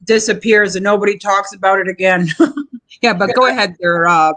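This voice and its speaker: A woman's voice: medium pitch, normal speed, fairly bright tone, poor audio. A woman with a mid-range voice co-hosts a casual podcast. She is blunt and sarcastic, dropping swear words. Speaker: podcast co-host. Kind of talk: casual chat.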